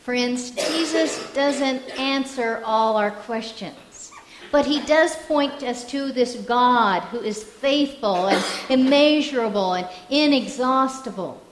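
A woman pastor delivering a sermon, pitched a little high and speaking in an earnest, reflective storytelling way. Her voice rings out in an echoey church room. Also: slow pace, background noise.

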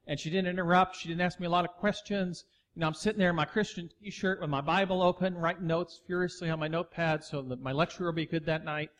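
High-voiced man preaching a sermon. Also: steady tone, fast talker, a bit bright. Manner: storytelling, acts out dialogue, builds to emphatic preaching. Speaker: pastor.

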